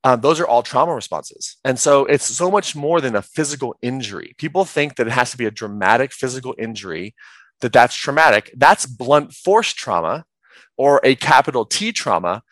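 A man's voice: medium pitch, lively intonation, normal speed, a bit bright, dry recording. A man talking earnestly as a podcast guest, explaining his field with many "like"s and "right?"s. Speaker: guest, trauma practitioner.

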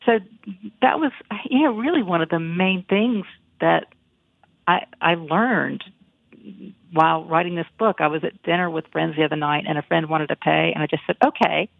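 A woman in her fifties from the American South, a memoir author speaking as a guest in a reflective, halting way with many restarts. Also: deep voice, vocal fry, no room sound. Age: 50s. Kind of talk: casual interview conversation. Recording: tinny phone-like line, dry.

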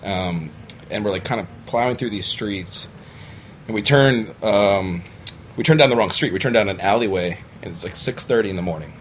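A young adult man on a podcast, telling stories in a casual, animated way and acting out other people's lines. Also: lowish voice, normal speed, a little hiss or hum. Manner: animated storyteller, acts out quoted voices. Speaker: bar owner, podcast guest. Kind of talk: casual storytelling chat. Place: podcast studio.

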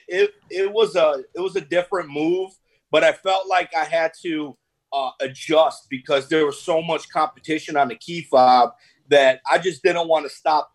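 A man guesting on a casual podcast interview, relaxed and streetwise, often repeating words and calling the host "bro". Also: fairly high pitch, rough recording. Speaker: podcast guest, business owner.

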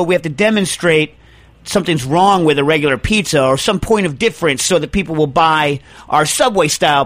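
Guy playing a pushy boardroom boss hyping up his team, high-ish voice, dry sound. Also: fairly bright tone, dry recording.

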